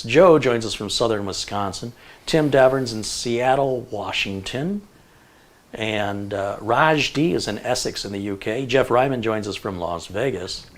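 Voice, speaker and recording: A middle-aged man hosts a tech livestream in an easy, chatty way. He reads through names and places and keeps breaking off for quick jokes. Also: medium pitch. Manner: chatty, jokey asides while reading a list. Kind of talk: casual livestream chat, reading viewer locations.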